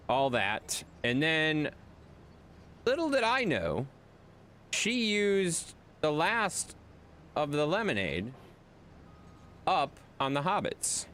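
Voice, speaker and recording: A man, animated, rambling streamer. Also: medium pitch, a little hiss or hum. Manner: rambling, animated storyteller addressing chat. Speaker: gaming streamer. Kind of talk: casual live-stream chat.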